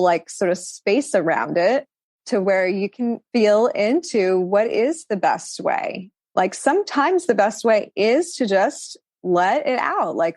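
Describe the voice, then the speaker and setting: A woman's voice: medium pitch, a little mellow, dry recording, studio quality. A woman, a podcast guest, talking in a reflective, spiritual way, her thoughts flowing with many fillers. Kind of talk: casual conversational interview.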